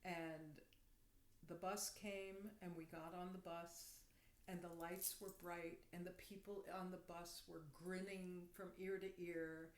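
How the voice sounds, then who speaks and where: A woman guest on a podcast telling a personal story in a vivid, animated way during casual chat. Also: fairly low pitch, measured pace. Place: room. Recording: roomy echo.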